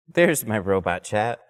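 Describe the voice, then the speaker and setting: A man with a lowish voice talks through a headset while he works, easygoing and chatty. He rambles a little and lets a swear slip when things go sideways, like a tradesman streaming his job. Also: husky. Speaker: window tint installer streaming live. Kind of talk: casual live-stream talk while working.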